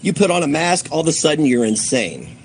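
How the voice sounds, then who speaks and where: A man on a livestream goes off in an angry rant, swearing freely. His voice jumps up into heated outbursts and then drops into low, bitter muttering. Faint noise hums under the recording. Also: big pitch swings, brisk, gravelly.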